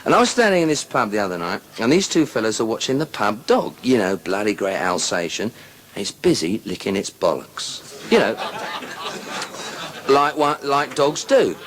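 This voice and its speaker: A man's voice: fairly low pitch, very animated, normal speed, a bit bright. A man telling bawdy stand-up comedy stories in a chatty, aside-filled way.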